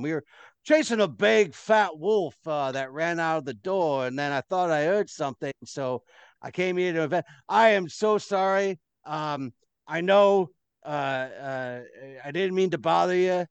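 A man voicing a gruff male town guard who barks "oi" and then turns apologetic and rambling. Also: on the high side, dry recording, pitched above the performer's own voice, close to an everyday voice.

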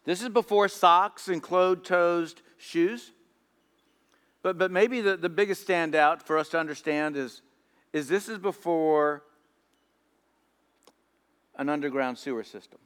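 A man's voice: fairly high pitch, unhurried, long pauses, a bit bright, clean tone. A man preaching a sermon in storytelling style, often repeating words as he goes. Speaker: pastor. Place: church hall. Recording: echoey church hall.

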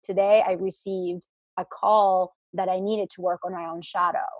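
Husky woman in rambling spiritual chat. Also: on the low side, flat delivery, normal speed, no room sound. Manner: rambling, many restarts and fillers. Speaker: spiritual guest. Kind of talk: casual chat.

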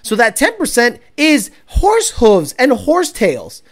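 A woman hosting a casual livestream as a car tuner, profane and animated, laughing often. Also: a little high, slow pace. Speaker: car tuner and stream host.

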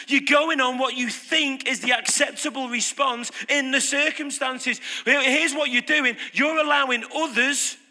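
A British man preaching a sermon, lively and conversational, putting questions to his congregation. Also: very high voice, moderate pace. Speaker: pastor. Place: church hall. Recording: reverberant hall.

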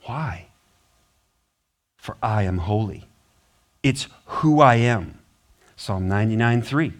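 An American man preaching a sermon as pastor, stressing words by repeating them and swinging from loud bursts to low, hushed passages. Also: lively intonation, takes it slowly, long pauses.

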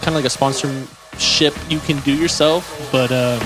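A man's voice: mid-range voice, fairly even intonation, normal speed, over music. A man as a guest in a casual interview, talking in a loose, rambling way with many fillers. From California. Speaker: guest, a glover.

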